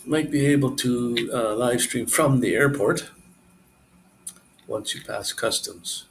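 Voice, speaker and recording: A man's voice: medium pitch, takes it slowly, gravelly, a little hiss or hum, poor audio. A man live streaming, chatting casually and rambling to his viewers. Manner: rambling, relaxed, talks to viewers.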